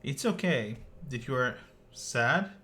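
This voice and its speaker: A man streamer talks through a personal story in a casual rant. He rambles with plenty of fillers and drops the odd swear word. His voice sits at an ordinary middle pitch. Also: lively intonation, slow pace, pushed and bright.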